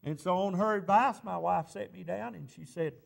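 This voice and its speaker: A male pastor with a high-pitched voice and vocal fry preaches a sermon at a moderate pace. He starts by telling a personal story conversationally, then rises into impassioned preaching.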